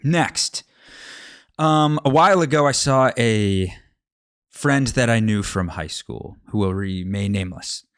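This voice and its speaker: A man's voice: fairly low pitch, animated, unhurried, clean tone, no room sound, studio quality. A young man telling rambling personal stories in a casual monologue, often turning to ask the listener rhetorical questions. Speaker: podcast host.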